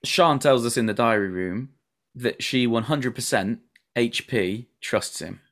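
A man's voice: medium pitch, a little slow, a bit bright. A man hosting a podcast, recapping a TV episode in sweary, laughing casual chat. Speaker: podcast host.

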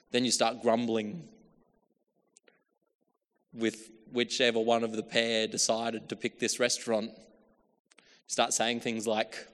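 A man preaching a sermon, telling a story and acting out quotes, from hushed asides up to loud calls. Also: medium pitch, steady tone, normal speed, big-room sound. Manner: storytelling with acted-out quotes, shifts from hushed to calling out.

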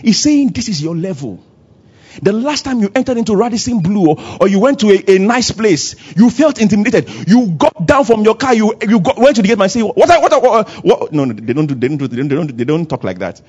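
A man preaching a sermon at a church service, acting out little dialogues and swinging between loud and soft. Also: sits high, expressive, fast talker, hardly any pauses, slightly rough, highs cut off. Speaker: pastor.

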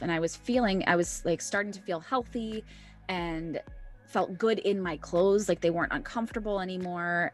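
A woman in her thirties talks openly as a podcast co-host, her voice sitting on the lower side. She tells personal stories in a candid, chatty way and laughs often. Faint music plays underneath. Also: fairly bright tone. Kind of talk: casual chat, personal storytelling.

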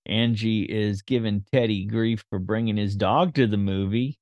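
A man hosting a podcast, summarizing a movie plot scene by scene in a steady, informal way. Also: on the low side, normal speed, no room sound.

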